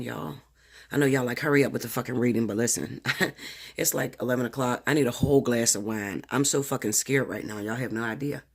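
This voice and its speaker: A tarot reader talks casually to camera from home late at night, nervous and rambling, stammering and swearing freely in slang. His voice is medium-pitched and a bit bright.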